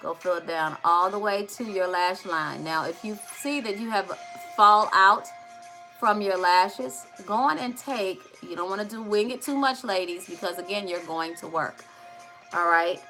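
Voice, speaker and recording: Casting: chatty woman, makeup tutorial host, bright clear tone, faint music underneath. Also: mid-range voice, a little slow. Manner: chatty, addresses viewers directly, playful asides. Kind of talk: live makeup tutorial chat.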